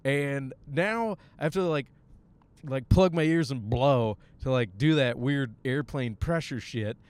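A young male comic rambles through a crude, jokey monologue on his way to the gym. His voice sits in a middle range, smooth and clean. The sound is close and dry. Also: measured pace, dry recording. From Michigan, USA. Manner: crude, jokey, animated with sudden high-pitched bits. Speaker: podcast host, stand-up comic. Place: riding a bus on the way to the gym.

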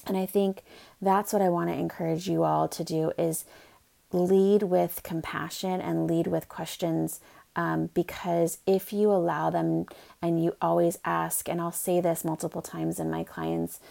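A middle-aged woman, a parenting coach, hosts a parenting podcast and talks in a chatty, upbeat way full of fillers. She speaks unhurriedly in a fairly low, gravelly voice with a dark tone.

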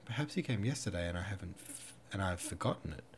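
A man's voice: sits low, expressive, quick pace, slight background noise. A man reading the part of a restless young woman, anxious and wistful in tone. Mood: anxious yearning.

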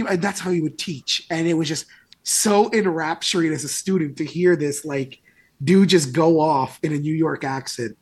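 Podcast co-host, man in his thirties, slightly husky and higher-pitched, lively anecdotal chatter. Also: normal speed. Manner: animated storyteller, laughs often. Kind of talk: casual chat.

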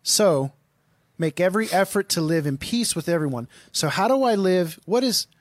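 A man's voice: sits high, animated, moderate pace, no echo. A man co-hosting a casual Christian talk stream, reading scripture aloud and pressing his partner with questions. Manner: probing, pushes questions, reads verses aloud.

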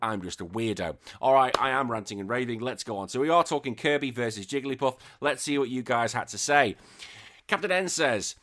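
A man's voice: mid-range voice, animated, brisk, fairly bright tone. A man hosting a casual podcast, reading comments in an exasperated, ranting, sweary way. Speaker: podcast host.

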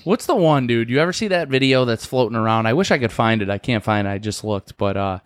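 A man co-hosting a podcast, retelling stories in a lively way and swearing freely. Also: mid-range voice, fast talker, clear, resonant tone, no room sound, clean studio sound. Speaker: podcast co-host. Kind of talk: casual chat.

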